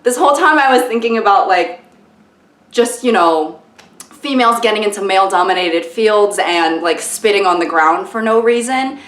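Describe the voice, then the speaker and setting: A woman's voice: mid-range voice, animated, moderate pace, fairly bright tone. A young woman in her twenties chatting casually to her phone camera at home, self-mocking and full of "like". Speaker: vlogger. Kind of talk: casual vlog chat to camera. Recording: echoey room.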